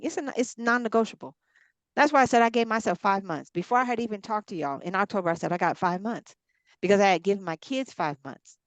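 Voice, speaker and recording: A woman's voice: medium pitch, no room sound. Exhorting woman preacher. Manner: repetitive, exhorting, addresses listeners as y'all. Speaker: ministry coach. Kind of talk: encouraging preaching on a group call.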